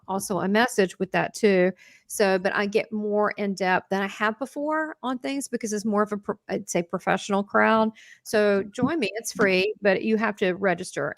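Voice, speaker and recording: Woman, guest, eager, chatty, quick announcements, dry close sound. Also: medium pitch, fairly bright tone, no room sound. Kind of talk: live video chat.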